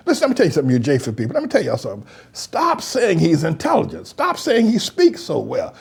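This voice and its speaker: A male pastor with a high, gravelly voice gives scornful commentary on comments he reads out. His tone is husky, and he laughs often. His pitch leaps wildly between booming peaks and low asides. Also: wildly swooping pitch, fast talker. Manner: mocking, laughing, swings between booming highs and low mutters. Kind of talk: preacher's commentary reading online comments.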